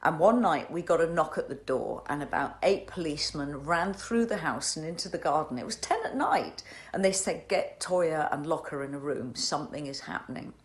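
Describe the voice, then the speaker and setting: A woman's voice: low voice, lively intonation, normal speed, few pauses. Emotional older woman telling a story. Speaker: host. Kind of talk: answering a fan question at home. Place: home.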